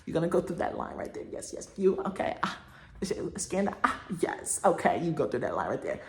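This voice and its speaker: Dude doing a pushy airport lady voice, higher and softer, kinda breathy, fussy and drawn out. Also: very animated, a little fast, echoey room. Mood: brisk, dismissive. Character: brusque nosy woman airport agent.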